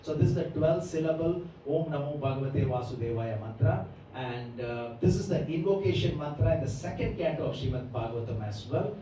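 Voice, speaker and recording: His voice is fairly high and mellow, with lively intonation and a fairly quick delivery, as he lectures a Bhagavatam class. He explains the scripture extensively and often checks in by asking "right?". The mic is distant in an echoey hall, with slight background noise.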